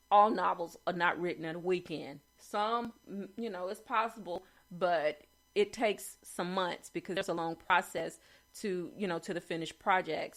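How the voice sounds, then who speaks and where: A chatty woman with a low, slightly bright voice hosts casual commentary, reading and reviewing writing quotes. She uses frequent fillers and restarts and keeps asking "okay."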